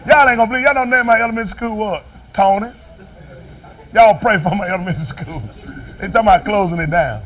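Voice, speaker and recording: A man with a notably high voice preaches in a loose, folksy way, cracking jokes as he goes. He quizzes the congregation and leaves gaps for them to call out the answers. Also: fast, a bit bright. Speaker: pastor. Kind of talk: sermon with call and response.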